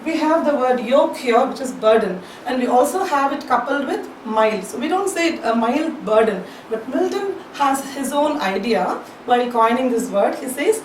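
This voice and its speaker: Lady teacher, higher voice, going over a poem line by line, sounds a bit off mic. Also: lively intonation, normal speed, distant mic. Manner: paraphrases line by line, explanatory. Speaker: college English lecturer. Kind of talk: recorded lecture on a poem. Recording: echoey room, voice off-mic, faint hiss.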